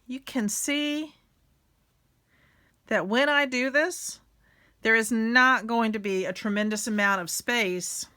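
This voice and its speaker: A woman's voice: a little high, slow pace, pauses often, sharp tone, clear, resonant tone. A middle-aged woman, hosting a casual craft tutorial and chatting while she works. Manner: chatty, self-deprecating, talks while working.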